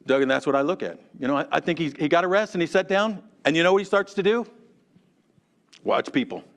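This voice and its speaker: A man teaching a Sunday school class in a church, chatty and animated, calling on class members by name. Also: a little high, fast talker. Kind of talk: conversational sermon.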